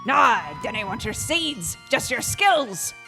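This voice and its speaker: Woman doing a male bard with a put-on brogue, bouncy lively pitch, fairly high, faint music behind. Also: normal speed. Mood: breezy. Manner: attempted Scottish-style brogue. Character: cheerful male bard guide, scrappy.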